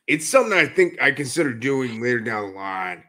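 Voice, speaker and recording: A man talking as a guest in a casual podcast interview, telling animated stories and often laughing as he goes. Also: medium pitch, a little fast. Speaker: podcast guest, jiu-jitsu brown belt.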